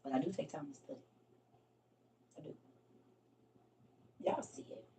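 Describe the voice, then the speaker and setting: A woman's voice: deep voice, a little slow, warm tone, a little hiss or hum. A middle-aged woman hosting a casual Bible study livestream, chatty and teasing, laughing often. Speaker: livestream host. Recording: voice from a distance from the mic.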